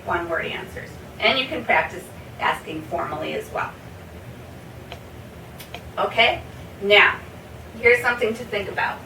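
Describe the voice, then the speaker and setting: A woman teaching a basic English lesson, spelling out example sentences slowly word by word and checking in with "okay?". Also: medium pitch, expressive, bright, forceful tone. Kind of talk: slow classroom explanation. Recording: roomy echo, from a distance, faint hiss.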